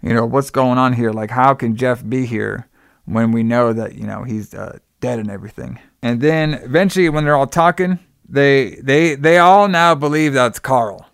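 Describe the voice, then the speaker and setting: A man's voice: medium pitch, moderate pace, gravelly, clear, resonant tone, no room sound, clean studio sound. A young man casually recapping a film's plot, rambling with lots of "like" and "you know.". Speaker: podcast co-host recapping a film. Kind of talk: casual chat.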